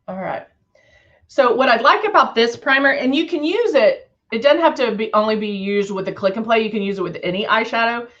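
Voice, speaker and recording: A woman's voice: on the high side, expressive, a little fast, fairly bright tone, muffled recording. A middle-aged woman hosting a live makeup demo, chatting casually, laughing often and reading viewer comments aloud. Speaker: live stream host.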